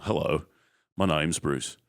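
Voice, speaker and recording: A man's voice: a bass voice, takes it slowly, pitched below the performer's own voice. A man voicing a friendly male cartoon shark with an Australian accent, for his kids. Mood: jovial.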